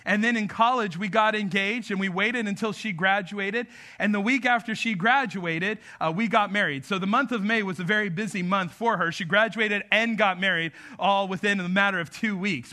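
This pastor, a man in his thirties from New Mexico, preaches a sermon in a casual, chatty style, telling stories and cracking jokes along the way. His voice is high with a sharp tone.

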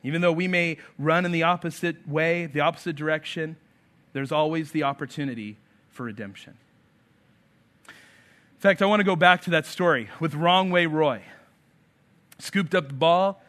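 A man's voice: on the high side, moderate pace, fairly bright tone. A male pastor delivering a sermon emphatically, acting out quoted voices as he preaches.

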